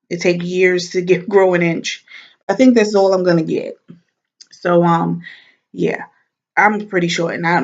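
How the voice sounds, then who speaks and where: Woman vlogger, casual chat, lowish voice, animated, laughs a lot, muffled lo-fi sound. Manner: chatty and animated, laughs while talking.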